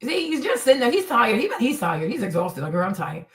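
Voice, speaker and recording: A woman's voice: high voice, huge pitch swings, fast talker. Emphatic woman commenting on a video. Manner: emphatic, repeats "you see" and "right"; acts out others' lines in quoted voices. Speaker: host.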